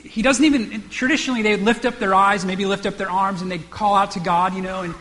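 A man's voice: sits high, steady tone, fast, fairly bright tone, big-room sound. A man preaching a sermon, acting out the characters' lines and often restarting his words. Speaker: pastor.

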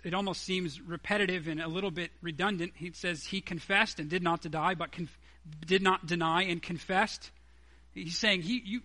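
Bright-voiced preacher man, high and emphatic. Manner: emphatic, acts out quoted dialogue. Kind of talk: sermon.

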